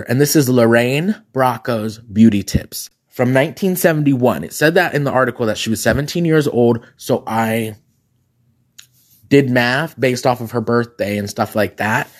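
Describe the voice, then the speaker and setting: Sassy raspy man, podcast host. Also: medium pitch. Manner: animated, sassy and gossipy, laughs often; drag queen talk. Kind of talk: casual solo podcast chat.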